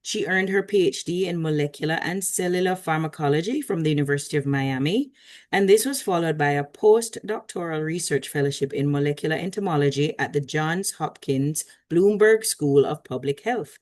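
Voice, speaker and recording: Female moderator, lower register, chatty, reads bios then jokes, video call audio. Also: expressive, moderate pace, darkish tone. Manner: chatty and joking between formal reading. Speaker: session moderator. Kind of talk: introducing speakers in an online session.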